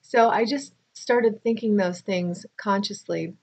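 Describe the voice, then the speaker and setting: A woman's voice: medium pitch, slow pace, gravelly, darkish tone, husky. A tired middle-aged woman chatting casually to camera, telling a rambling personal story with restarts and asides. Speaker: vlogger.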